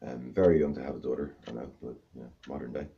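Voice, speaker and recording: A man's voice: rumbling low, fairly even intonation, fast talker, creaky, highs cut off. A man doing stand-up, telling a long rambling story with self-mocking asides. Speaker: stand-up comedian.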